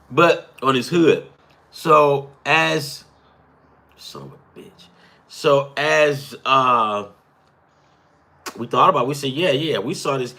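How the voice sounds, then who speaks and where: A podcast host in his thirties or forties rambles through a work story and reacts to a football game, swearing and laughing throughout. His voice sits in the mid range with a fairly bright tone.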